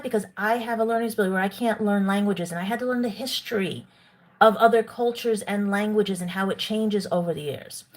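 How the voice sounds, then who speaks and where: A woman hosts a livestream and talks to her chat in a lecturing, indignant way. She eats while she talks to her viewers. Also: mid-range voice. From New York. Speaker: livestream host. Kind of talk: live-stream commentary to chat.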